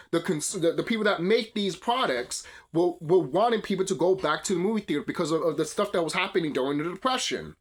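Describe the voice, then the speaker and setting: A man's voice: high-pitched, a bit bright. A young man hosting his channel, delivering a heated, profane, rambling rant. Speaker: video channel host. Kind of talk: ranting commentary.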